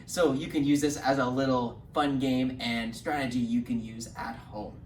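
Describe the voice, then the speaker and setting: A man leading a children's storytime lesson as a librarian, encouraging and animated, talking slowly and clearly for little ones. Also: medium pitch. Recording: roomy, distant mic, faint hum.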